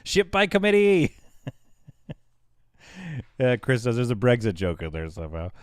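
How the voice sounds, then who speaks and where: A man livestreaming a game, chatting casually with his audience, animated and quick to laugh. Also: medium pitch, smooth, no echo, clean studio sound. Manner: chatty, talks to chat. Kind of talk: casual live game commentary.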